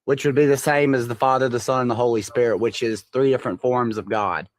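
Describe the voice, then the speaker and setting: A man in a casual voice-chat discussion, speaking in a measured, questioning way with filler phrases. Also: mid-range voice, fairly even intonation, no room sound. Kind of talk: casual debate.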